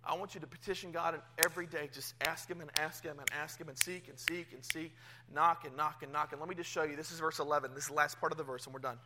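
A male pastor, around his thirties, preaching a sermon in church, telling a personal story with swings from hushed to loud. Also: a little high, fairly even intonation, quick pace, heavy background noise. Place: church sanctuary.

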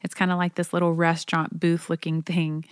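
A woman's voice: on the low side, monotone, fairly quick, clean tone, no echo, studio quality. A woman, a mother in her forties, telling chatty personal stories about life on a tour bus with her kids, often laughing. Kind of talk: personal storytelling monologue.

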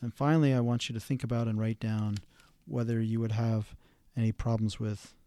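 Measured, low-voiced male therapist lecturing. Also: little pitch movement, dark tone. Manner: measured, halting delivery with frequent fillers and restarts. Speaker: therapist and podcast host. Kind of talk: instructional podcast lecture.

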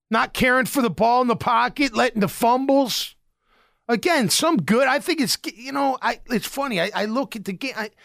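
A man hosting a casual sports podcast, ranting in an animated, exasperated way and often repeating himself. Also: high voice, no room sound, clean studio sound.

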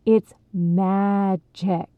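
A woman voicing an excitable, dramatic young boy in a storybook reading, with emphatic, breathless exclamations. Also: mid-range voice, extremely slow, clean tone, no echo. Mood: reverent. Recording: tinny phone-like sound, dry.

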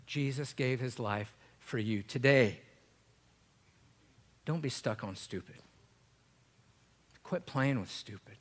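A male pastor preaching a sermon in church, swinging from loud, emphatic passages to a hushed, prayerful voice. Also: mid-range voice, slow pace, pauses often.

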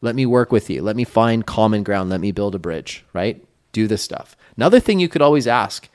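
A man with a fairly low voice co-hosts a coaching podcast. He talks in a casual, emphatic way and acts out short sample dialogues to make his points. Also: animated, fast, darkish tone. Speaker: podcast co-host, real estate coach.

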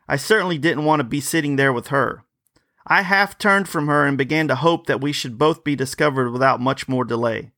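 A man hosting a podcast, reading an old ghost story aloud in a measured, dramatic way on a close microphone. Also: a little high, vocal fry, bright, forceful tone, dry recording. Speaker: podcast host, reader.

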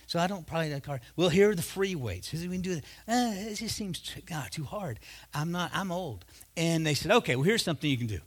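A man in his fifties delivering a sermon as a pastor. He talks in a loose, conversational way, and his voice sits somewhat high for a man. He moves into personal stories and acts out the back-and-forth of the dialogue. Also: expressive, brisk. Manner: conversational storytelling, acting out dialogue.

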